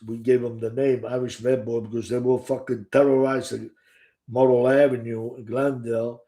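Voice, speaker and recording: A man's voice: medium pitch, flat delivery, moderate pace, mellow. An older man from Sicily with a Sicilian Italian accent, telling his stories casually to the camera, rambling, restarting often and swearing freely. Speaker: author and storyteller. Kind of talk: casual first-person storytelling to the camera.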